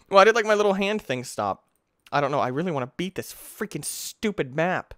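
A young man from the United States doing let's play commentary on a close mic. His voice is smooth and resonant, recorded dry with no room sound. He talks to the game as he plays, gets easily frustrated and breaks into yells. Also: on the high side, animated, brisk, no room sound. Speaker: gaming YouTuber.

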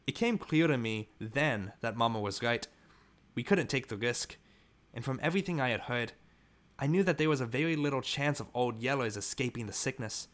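Man narrating an audiobook, mid-pitched. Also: a bit bright. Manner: measured, earnest storytelling. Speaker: audiobook reader. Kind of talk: scripted narration of a novel.

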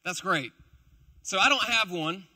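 Bright, high-voiced, joking young preacher. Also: male voice, measured pace, slightly rough. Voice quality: chatty, playful, self-deprecating asides. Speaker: preacher, also a school teacher. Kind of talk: casual, joking sermon to a live congregation.

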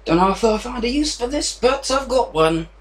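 A man's voice: extremely high pitch, expressive, normal speed. A man chatting casually while unboxing a package at home, rambling and self-deprecating as he thinks aloud, with a fan running in the room. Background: fan noise.

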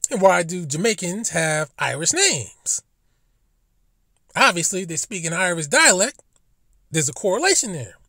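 A man's voice: high voice, very animated, measured pace, long pauses, bright, forceful tone, no room sound, clean studio sound. A man giving a casual commentary monologue as a vlogger, profane and emphatic, with indignant rhetorical questions.

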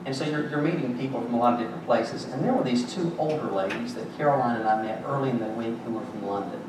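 A pastor preaches to his congregation, telling stories and joking dryly between points. His voice booms around a very echoey sanctuary, picked up from a distance with steady background noise. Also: fast. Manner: conversational, joking storytelling preacher. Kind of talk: sermon. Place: church sanctuary.

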